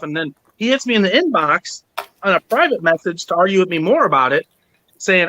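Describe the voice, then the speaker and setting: A man with a noticeably high voice hosts a casual podcast chat. He tells a long grievance story with lots of energy, acting out everyone he quotes and cursing freely. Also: a little fast, slight background noise, poor audio. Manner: animated, acts out quoted people, swears. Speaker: podcast host.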